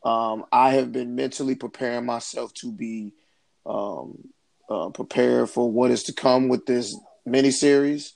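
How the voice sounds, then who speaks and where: Gravelly, easygoing man hosting a podcast. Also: mid-range voice, steady tone, a little slow, darkish tone. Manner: rambling, hesitant, with many fillers. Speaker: podcast host. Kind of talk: casual podcast chat.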